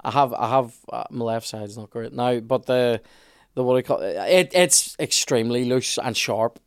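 A man with a Northern Irish accent, co-hosting a casual comedic history chat, rambling and halting. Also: mid-range voice, clear, resonant tone, no room sound, studio quality. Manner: rambling, halting, restarts often. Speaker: podcast co-host.

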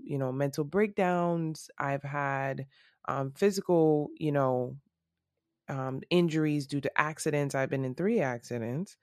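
A woman hosting her own podcast, talking candidly and reflectively about her setbacks, with a slightly rough early-morning voice. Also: low voice, darkish tone, dry recording, studio quality. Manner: candid and reflective, with many ums and restarts. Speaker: podcast host. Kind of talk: casual solo podcast monologue.

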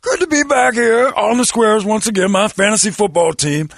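A man doing an impression of a boastful retired football star who chats with deadpan dark jokes. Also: high-pitched, normal speed, vocal fry, no echo, studio quality, full character voice.

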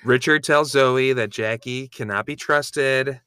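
A man's voice: mid-range voice, slow, sharp tone, smooth, no echo, clean studio sound. A man co-hosting a podcast in casual chat, frank and crudely joking as he recaps episodes. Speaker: podcast co-host recapping a reality show.

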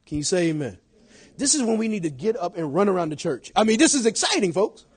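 A middle-aged man preaching to his church with a high voice. His pitch swings a lot as he jumps between shouted points and low, chatty asides, with frequent laughs. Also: very animated, fast, husky. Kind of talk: sermon.

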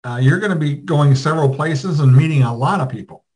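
A man's voice: fairly high pitch, brisk, a little mellow, rough recording. A man hosting a casual video call show from a motel room, rambling with lots of fillers. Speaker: show host.

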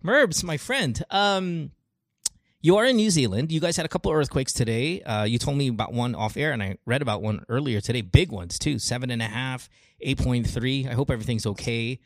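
An animated male host from the Philippines chats with callers, circling back and restarting his sentences as he goes. His mid-range voice is recorded close and dry, with no room around it. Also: medium pitch, a little fast, no room sound. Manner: animated, talks through examples with frequent restarts and laughs. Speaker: radio show host. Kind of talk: casual chat with callers.

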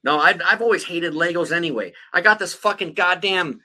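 Bright-voiced man rambling with constant swearing. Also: high-pitched, a little fast, low-quality recording. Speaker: podcast host. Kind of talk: casual profane chat.

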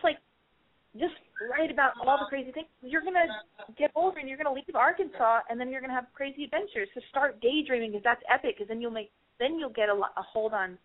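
A woman hosting a casual advice call, giving a rambling, profane, emphatic pep talk. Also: on the high side. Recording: tinny phone-line sound.

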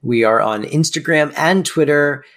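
A man's voice: on the high side, a little slow, a bit bright. A young man co-hosting a podcast in casual chat, playful and jokey. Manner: playful, sings silly improvised jingles. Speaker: podcast co-host.

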